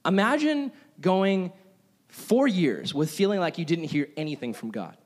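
A young man preaching a casual, conversational sermon and telling stories, animated and acting out his own reactions. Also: high-pitched, a little slow. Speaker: pastor. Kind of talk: sermon with personal storytelling.

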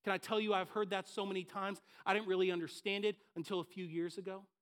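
A man's voice: high-pitched, little pitch movement, fast talker, fairly bright tone. A man preaching a sermon as pastor, acting out the listeners' thoughts in short quoted voices. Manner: dynamic preaching, acts out the listeners' inner voices.

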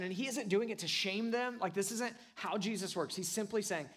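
Young male pastor, high voice, casual and emphatic sermon delivery. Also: moderate pace, hardly any pauses, a bit bright. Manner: conversational, with frequent "like" and "right?"; emphatic and earnest.

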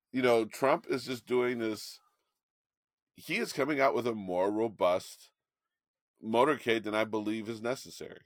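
A man co-hosting a podcast, chatting casually about politics and telling an animated story with frequent restarts. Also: mid-range voice, no room sound, studio quality. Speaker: podcast co-host.

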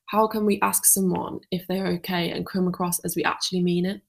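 A woman with a Yorkshire accent hosting a podcast, asking long, careful questions in a measured way. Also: on the low side, little pitch movement, vocal fry. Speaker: podcast host. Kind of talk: podcast interview.

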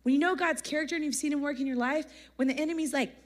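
Casual young woman preaching at a conference, high voice, laughs a lot, talks like a friend. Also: rapid-fire, few pauses. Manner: chatty and slangy, laughs often. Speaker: youth conference speaker. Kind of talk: casual energetic sermon. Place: church conference hall, live audience.

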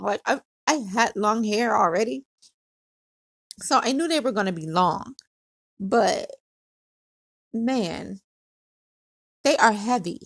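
Recorded in studio quality with no echo, a Hawaiian woman with a medium-pitched voice and vocal fry hosts her own podcast. Chatty and casual, she tells a story, laughs a lot, and acts out other people's words.

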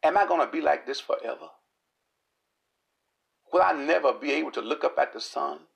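A preacher acting out a long-suffering, crippled woman who pleads with God in a low, hushed prayer. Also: creaky. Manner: soft, lamenting prayer.

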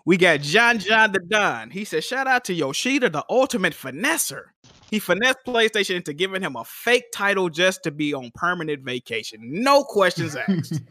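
A man's voice: high-pitched, animated, normal speed, sharp tone, dry recording, studio quality. A man co-hosting a casual podcast, laughing often as he reads viewer comments aloud. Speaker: podcast co-host reading chat. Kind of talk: casual chat.

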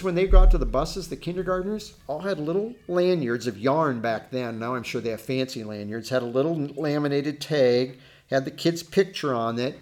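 A middle-aged man teaching a Bible study in an earnest, folksy way, with storytelling asides to his class. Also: on the high side.

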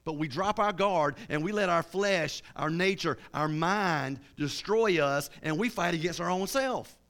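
Fervent preacher man, a bit high. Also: unhurried, a bit bright. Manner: fervent, repeats and restarts words. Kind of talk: sermon.

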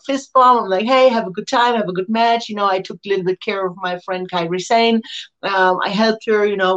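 A wrestler being interviewed tells her story with lively, excitable energy in a language that isn't her first, her ordinary middle-pitched voice leaping up whenever she acts out someone's words. The audio is somewhat dull and lo-fi.

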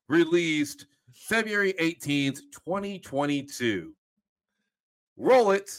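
A man co-hosting a casual horror movie podcast, introducing films with a dry, deliberate delivery. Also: mid-range voice, lively intonation, fairly bright tone, clean tone. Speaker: podcast co-host.

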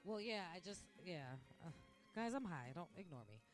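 In a very animated voice on the low side, a podcast host rants at a moderate pace in a casual, rambling monologue recorded at her workplace, a restaurant. She frequently laughs and performs quoted voices, with faint music audible behind her.

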